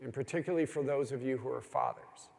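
A man's voice: mid-range voice, quick pace, gravelly, a little mellow. Earnest preacher man in an echoing hall. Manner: earnest storytelling with rising, pleading emphasis. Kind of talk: sermon to a men's gathering. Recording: long hall reverb.

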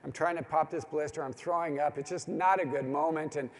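A man's voice: on the high side, fairly even intonation, a little fast. A middle-aged man preaching to a gathering of men, telling stories with earnest emphasis. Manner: earnest storytelling with rising, pleading emphasis. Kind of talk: sermon to a men's gathering. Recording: long hall reverb.

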